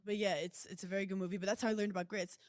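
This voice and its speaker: A woman's voice: medium pitch, little pitch movement, racing, darkish tone, no room sound, studio quality. A woman from the New area, a podcast guest who is brash and teasing and swears freely in casual chat. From New York area.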